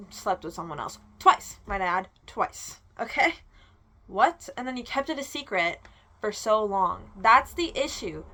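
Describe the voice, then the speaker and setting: A young woman vlogger ranting in casual chat, animated and swearing freely. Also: mid-range voice.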